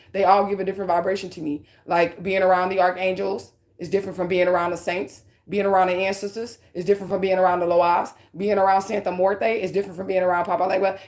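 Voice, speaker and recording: A woman giving a casual spiritual reading, talking bluntly with lots of swearing and a repeated "okay?" to her listeners. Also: mid-range voice. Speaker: psychic reader.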